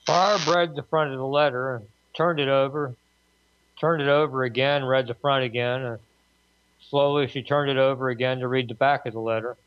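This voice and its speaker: A man narrating a short story aloud in a measured, plain reading voice with occasional slips. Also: medium pitch, fairly even intonation. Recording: dry, tinny phone-like recording.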